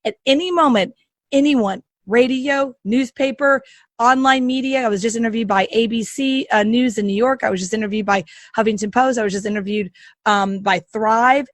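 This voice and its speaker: A woman's voice: a little high, no room sound. Sassy, emphatic woman podcast host. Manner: sassy, emphatic, repeats phrases for punch. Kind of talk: animated coaching monologue.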